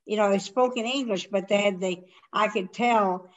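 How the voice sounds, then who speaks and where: An older woman hosting a casual conversation, talking in a halting, rambling way with many restarts. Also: medium pitch, muffled recording. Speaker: host.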